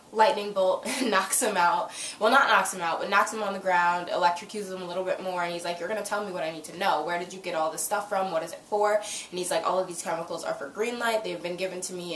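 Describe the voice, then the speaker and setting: A woman's voice: fairly low pitch, a bit bright, distant mic, slight background noise. Chatty young woman recapping, roomy sound. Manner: chatty, lots of "like" and retold quotes. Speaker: TV review vlogger. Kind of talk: casual recap chat. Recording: roomy, a little off-mic.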